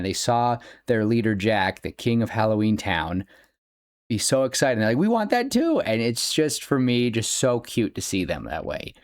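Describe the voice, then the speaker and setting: A man's voice: on the low side, dry recording, studio quality. A young man hosting a podcast, rambling happily about a favourite film and laughing as he goes. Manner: gushing, rambling fan talk with laughs. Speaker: podcast host. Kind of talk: casual solo podcast commentary.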